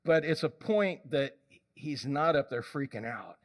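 A male preacher giving a lively, conversational sermon, often questioning the congregation. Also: mid-range voice, unhurried.

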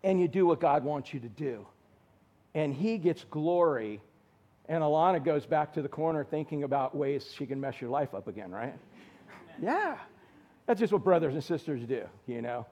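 A man preaching a sermon, animated and direct, calling on listeners by name and asking the room questions. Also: on the high side, normal speed, dull audio. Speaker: pastor.

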